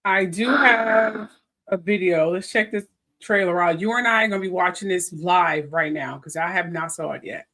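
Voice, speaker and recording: A woman's voice: lowish voice, moderate pace, fairly bright tone. Chatty woman hosting a gossip livestream. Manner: chatty, rambling, talks to viewers in comments. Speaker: gossip show host. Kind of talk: casual livestream chat.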